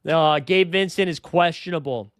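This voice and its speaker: On his casual fantasy basketball livestream, a man rattles through names and numbers in a fast, conversational way. The voice is slightly high, a bit bright, very smooth and clear, and the audio is close and dry with no room sound.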